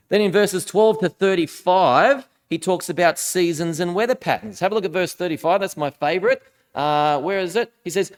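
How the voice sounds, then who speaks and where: A man with a high voice gives a sermon in a relaxed, chatty manner. He reads scripture aloud and leans hard into the dramatic lines. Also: moderate pace. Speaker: minister.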